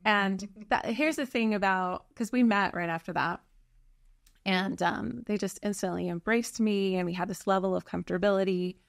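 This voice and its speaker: A woman's voice: medium pitch, normal speed, creaky, no echo, clean studio sound. A woman telling her personal story in a candid conversation, earnest and reflective, often restarting her sentences. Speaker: birth mother guest.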